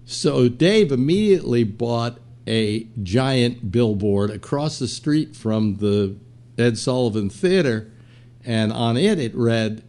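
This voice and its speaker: Taking his time, an older podcast host tells loose anecdotes on his talk show, full of fillers and playfully mimicked quotes in a casual, rambling chat. His mid-range voice has lively intonation and a slightly mellow quality.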